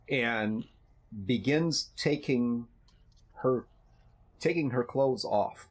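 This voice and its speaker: Husky-voiced man running a tabletop game. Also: medium pitch. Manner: halting, conversational narration with many restarts. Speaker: game master. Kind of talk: narrating a tabletop role-playing game.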